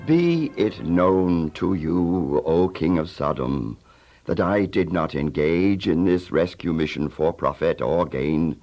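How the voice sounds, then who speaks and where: An actor playing a gate guard and a solemn patriarch in a dramatized audio Bible story, with a gravelly voice. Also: male voice, low voice, animated, slow, a little mellow, highs cut off, full character voice.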